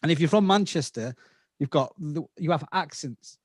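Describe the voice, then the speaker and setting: With clean studio sound and no echo, an Englishman in his fifties with a slight Scouse accent speaks at normal speed in a somewhat high voice. As a guest in casual podcast interview talk, he gives long explanations and checks in with his listener.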